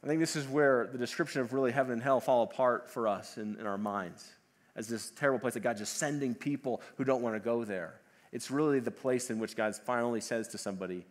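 A man preaching a sermon, animated and acting out the voices of the people he quotes. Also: mid-range voice, quick pace. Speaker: pastor.

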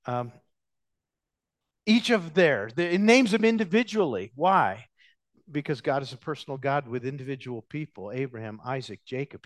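A man preaching an expository sermon as a pastor, animated and emphatic, with sudden loud stresses and slowly drawn-out words. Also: mid-range voice, dry recording.

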